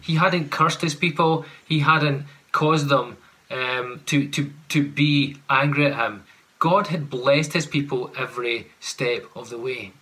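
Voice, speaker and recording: A man's voice: medium pitch, a little slow, pushed and bright. A man preaching a sermon, earnest and full of rhetorical questions, at times acting out sarcastic paraphrases.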